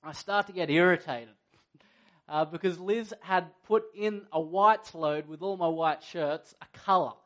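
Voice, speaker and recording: A man's voice: sits high, unhurried. A middle-aged male pastor preaching a sermon in an earnest, conversational way, often asking his listeners questions.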